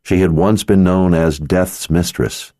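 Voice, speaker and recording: A man narrating an audiobook in a measured, steady manner. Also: low voice, dry recording, studio quality.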